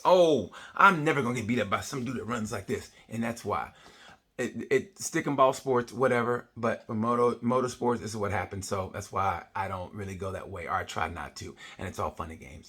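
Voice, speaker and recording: A man's voice: mid-range voice, pushed and bright. A middle-aged man giving a casual comedic race review, blunt, profane and rambling. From United States. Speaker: motorsport vlogger.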